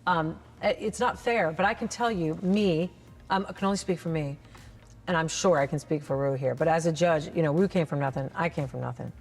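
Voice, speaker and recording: A woman's voice: low-pitched, fairly quick. A woman host and competition judge giving emphatic, encouraging feedback in a casual interview. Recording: roomy reverb with faint music.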